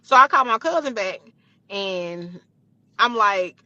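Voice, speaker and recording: A woman tells a personal story in a lively, blunt way, swearing freely. Her voice is bright and forceful. The clip sounds dull and dry, like a lo-fi recording. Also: mid-range voice, slow pace, dry recording. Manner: animated, profane, blunt. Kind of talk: casual storytelling.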